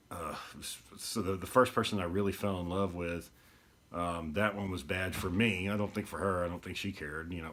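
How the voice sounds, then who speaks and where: A man's voice: low-pitched, a bit bright. A man, hosting his podcast in a rambling, easygoing casual talk. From East Texas. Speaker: podcast host.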